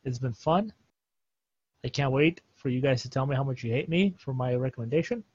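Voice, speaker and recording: Male podcast host, husky, excitable, slangy; muffled lo-fi sound. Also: mid-range voice, fairly quick. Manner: laughs often, excitable slang. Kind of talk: casual podcast chat.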